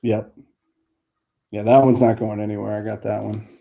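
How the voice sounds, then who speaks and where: A man casually pitching items on a live auction stream, laid-back and easygoing. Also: little pitch movement, normal speed, creaky, warm tone. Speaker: auction seller.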